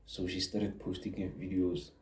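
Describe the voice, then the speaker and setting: A man's voice: sits low, little pitch movement, normal speed, a little mellow. A man, a YouTube creator, giving an earnest motivational talk and repeating words for emphasis. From South Africa. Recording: echoey room.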